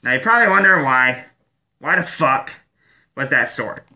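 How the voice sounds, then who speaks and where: Profane, ranting man with a bright voice. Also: medium pitch, expressive, moderate pace. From Michigan. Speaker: show host. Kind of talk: ranting vlog monologue.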